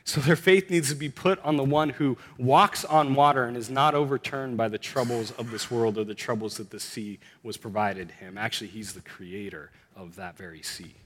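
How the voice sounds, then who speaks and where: A man preaching in a conversational, earnest way that builds to emphatic bursts. His mid-pitched voice carries a long hall reverb. He sounds like a pastor addressing his congregation. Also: steady tone, moderate pace, few pauses, a bit bright. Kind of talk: sermon.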